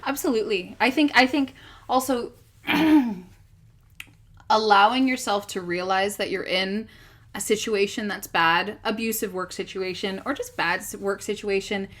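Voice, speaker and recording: A woman's voice: mid-range voice, a little slow, fairly bright tone. A young adult woman, a guest in a casual chat, joking and playful, now and then swearing.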